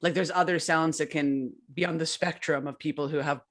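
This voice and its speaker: A young adult woman co-hosting a casual chat, telling stories in an animated way full of "like" fillers. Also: deep voice, a little fast. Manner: animated storytelling, many "like" fillers. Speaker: podcast co-host.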